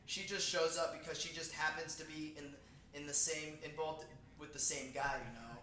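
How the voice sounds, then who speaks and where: A man co-hosting a casual movie review chat, animated and quick to laugh, acting out lines and humming a theme. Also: fairly high pitch. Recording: echoey room.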